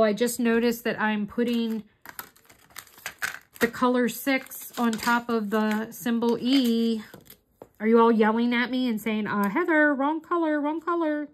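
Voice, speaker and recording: Chatty middle-aged woman crafting vlogger. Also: mid-range voice. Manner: rambling, chatty storytelling. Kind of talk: casual chat while doing diamond art.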